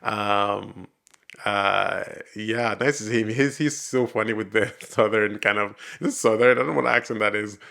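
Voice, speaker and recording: A man's voice: on the low side, fairly even intonation, normal speed, creaky, sharp tone. A man giving casual reaction commentary on a TV episode, rambling with many fillers and restarts and laughing often. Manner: laughs often while talking. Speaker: reaction video host.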